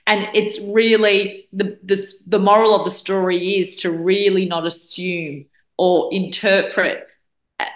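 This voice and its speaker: A woman in her forties who grew up in Australia, speaking as a guest. Her voice sits on the low side, and she tells her story earnestly, often stopping to restart a sentence. The recording carries a noticeably roomy echo. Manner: earnest, with frequent restarts and fillers. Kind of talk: reflective storytelling in conversation.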